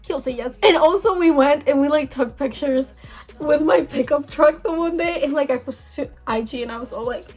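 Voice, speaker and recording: A woman's voice: sits high, moderate pace, darkish tone, faint music behind. A young woman vlogging a casual storytime, chatty and full of filler words, acting out each conversation. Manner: chatty, valley-girl fillers, acts out dialogue.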